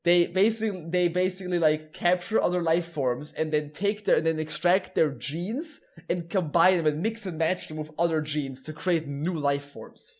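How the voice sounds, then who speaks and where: A man's voice: on the high side, moderate pace, hardly any pauses. A man hosting a podcast, explaining things at length in casual chat, with frequent restarts and blunt wording. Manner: explains at length, with many restarts and some laughing. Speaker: podcast host explaining lore.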